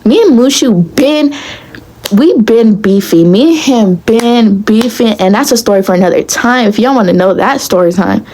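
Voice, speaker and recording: A young woman telling a storytime to her viewers in a casual, blunt, profane and animated way. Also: on the high side, normal speed, poor audio. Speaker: vlogger.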